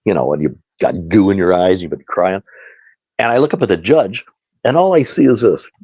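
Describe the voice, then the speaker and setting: A man tells a long story in a loose, chatty way and laughs often. His pitch swings widely as he talks. The recording is dry and dull, like lo-fi radio. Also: animated, brisk, husky, no echo. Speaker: guest. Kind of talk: casual storytelling.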